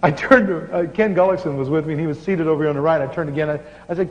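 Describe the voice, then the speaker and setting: High-voiced man preaching in a hall. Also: very fast. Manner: animated, laughing storyteller. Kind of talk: sermon storytelling. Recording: muffled hall recording with faint hiss.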